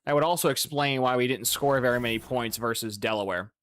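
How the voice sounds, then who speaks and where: A young man talks through a football video game in casual, excitable commentary. His voice sits at an ordinary pitch and sounds dry and close, with little room sound. He swears freely and jumps into loud outbursts. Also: fairly quick, no echo. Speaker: gaming YouTuber.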